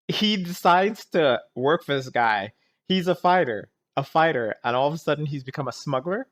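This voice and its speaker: A man's voice: a little high, lively intonation, a little slow, a bit bright. A man talking casually as he reacts to a movie, exasperated and rambling, often groaning and laughing at it. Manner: keeps restarting and saying "anyways, let's keep going".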